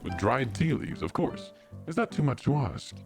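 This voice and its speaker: Brief: a streamer plays a gravelly, formal adventurer in a game, low and lively with faint music behind. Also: normal speed. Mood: earnest. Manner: formal, stately phrasing. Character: adventurous male tea-shop guest, formal. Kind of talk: voicing game dialogue while streaming.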